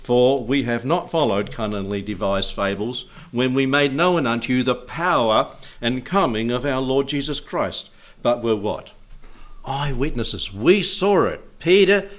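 A man's voice: medium pitch, fairly bright tone. A man preaching a sermon, reading scripture aloud in old-fashioned wording and urging his listeners on in an earnest, exhorting way.

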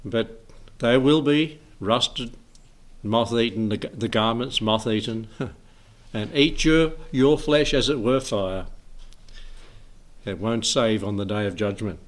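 A man's voice: lowish voice, takes it slowly. A man leading an informal Bible study, rambling, chuckling often and reading scripture aloud.

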